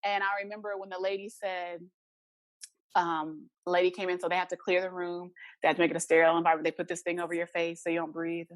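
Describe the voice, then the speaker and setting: A woman talks quickly as an interview guest, recounting a personal story in a casual way. She is animated and slips into the voices of the people she describes. The sound is dry and close, with no room echo. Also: lowish voice. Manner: animated, acts out dialogue in her story.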